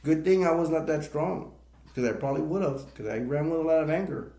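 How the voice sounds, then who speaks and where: A man's voice: a little high, brisk, dark tone. A man rambling emotionally through tears in a live stream monologue, repeating himself as he talks. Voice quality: gravelly. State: crying. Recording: echoey room.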